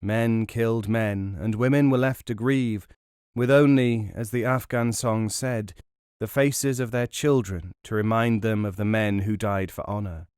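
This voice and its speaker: A man narrating a novel as an audiobook in a measured, dramatic storytelling manner. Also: on the low side, fairly even intonation, a little mellow, clean tone, dry recording, studio quality.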